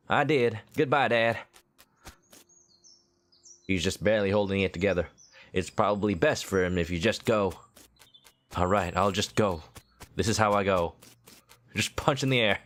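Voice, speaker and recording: Joking male game streamer, lively delivery. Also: lowish voice, normal speed, pauses often. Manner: joking, puts on a mock southern drawl. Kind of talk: reading game text aloud with commentary.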